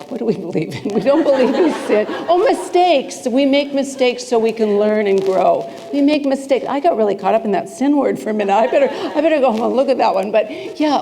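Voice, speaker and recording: In the reverberant hall of a spiritual center sanctuary, a woman minister with a warm, higher voice preaches to her congregation in a chatty, playful way, asking them questions throughout.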